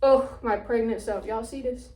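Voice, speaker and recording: A woman's voice: a little high, fairly even intonation, normal speed, dark tone. A young woman, chatting casually while building something, blunt and swearing, a bit out of breath. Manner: blunt and chatty, swears freely, mutters to herself. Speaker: vlogger. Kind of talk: casual vlog, talking to camera while assembling. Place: room at home. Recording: echoey room, mic at a distance.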